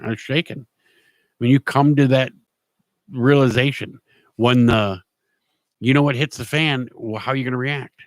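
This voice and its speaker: Middle-aged male host, plain-spoken rambling storyteller, mid pitch, dry close sound. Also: no echo. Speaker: show host. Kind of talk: casual storytelling monologue.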